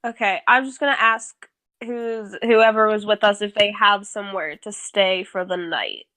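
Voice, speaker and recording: A woman's voice: medium pitch, fairly even intonation, moderate pace, pushed and bright, dry recording. A woman playing her character in a tabletop game, hesitant and laughing often. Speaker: tabletop player. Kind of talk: casual play in character.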